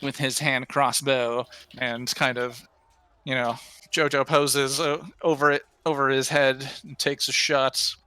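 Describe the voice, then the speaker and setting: A man narrating as game master of an online tabletop game, quick and chatty, laughing easily. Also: medium pitch, level tone, sharp tone, smooth, dry recording.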